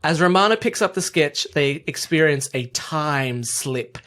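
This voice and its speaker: A man's voice: a little high, animated, measured pace, a bit bright. A man co-hosting a casual podcast, recapping episode notes with dry sarcasm. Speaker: podcast co-host.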